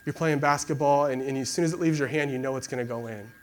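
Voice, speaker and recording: A young man preaching in a loose, conversational way, often reaching for "like" as he talks. His pitch sits in a normal middle range. A faint hiss of noise runs under the recording. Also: quick pace. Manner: conversational, many fillers like "like". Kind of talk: casual sermon and prayer.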